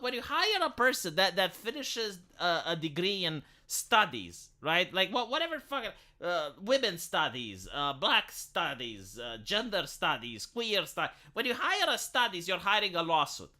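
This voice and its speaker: Man, live streamer, opinionated rant, sarcastic, casual swearing, lively swooping pitch. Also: normal speed, hardly any pauses.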